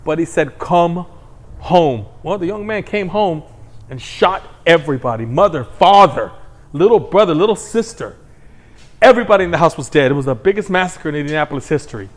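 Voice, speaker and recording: A man's voice: on the high side, lively intonation, fairly quick. A man hosting his own commentary show, ranting in a blunt, heated, crude monologue. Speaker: commentary host.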